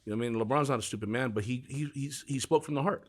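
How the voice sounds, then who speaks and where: Brief: quick-talking middle-aged man, agent in a loose chat, lively storyteller who cusses a lot. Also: mid-range voice. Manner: fast, animated storyteller, swears freely. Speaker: music agent. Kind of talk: casual interview chat.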